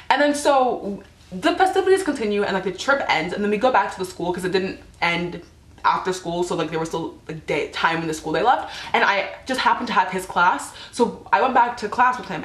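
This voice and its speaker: A woman's voice: medium pitch, reverberant. A teenage girl telling embarrassing stories to camera in a chatty, casual way, peppered with "like" and acted-out quotes. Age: teens. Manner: chatty, lots of "like", acts out quotes. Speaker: vlogger.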